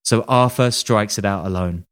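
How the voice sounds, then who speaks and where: A man's voice: fairly low pitch, moderate pace, a bit bright, smooth. A man telling a true-crime story casually on a podcast, with wry joking asides and casual swearing. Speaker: podcast host.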